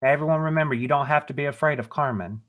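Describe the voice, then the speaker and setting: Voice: medium pitch, fast, phone-quality sound. A co-host calling the bids in a live online jewelry auction, with a playful, teasing manner. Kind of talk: casual live-stream auction chat.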